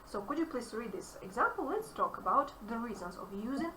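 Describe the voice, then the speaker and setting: A woman English teacher with a Russian accent, explaining grammar to a student in an animated, emphatic way. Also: fairly high pitch, a little fast. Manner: animated, emphatic, repeats key phrases. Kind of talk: online grammar lesson. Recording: echoey room, distant mic, faint noise.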